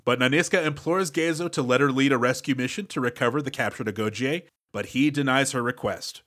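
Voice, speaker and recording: Guy calmly summing up a movie plot on a podcast, mid voice. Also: mid-range voice, brisk. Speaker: podcast co-host. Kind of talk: casual movie review chat.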